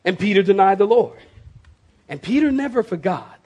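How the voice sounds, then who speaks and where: A high-voiced man preaches a sermon in a church. He drags out key phrases slowly for weight, then lifts his voice in emphatic bursts. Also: sing-song, darkish tone, lo-fi sound. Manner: preaching with dramatic slowdowns and sudden rises. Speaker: pastor. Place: church sanctuary.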